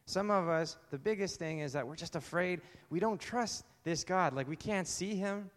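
A man preaching a sermon in a relaxed, conversational way, asking one rhetorical question after another. His voice sits a little higher than most men's, and it carries a long reverb, as if it fills a large hall. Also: normal speed. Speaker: pastor.

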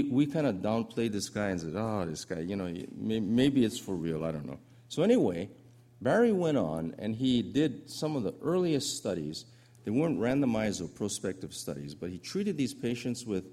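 A man giving a medical lecture over slides, telling the story in an animated, conversational way with asides to the audience. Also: lowish voice.

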